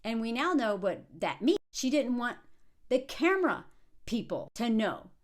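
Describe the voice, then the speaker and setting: A woman in her thirties giving casual, animated commentary on a reality show, often mimicking the people she quotes. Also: on the high side, a little slow. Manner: animated, quoting others in mocking voices.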